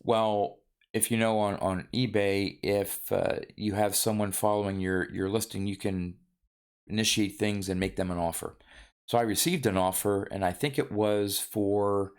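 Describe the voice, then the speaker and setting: A man vlogging about his card collecting in a casual, rambling way, with many ums and restarts. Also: fairly low pitch.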